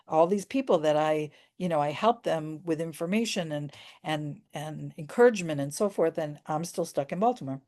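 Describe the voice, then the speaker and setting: A woman's voice: sits low, fairly quick, a little mellow. Earnest woman telling a personal story. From United States. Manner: earnest and emotional, many restarts.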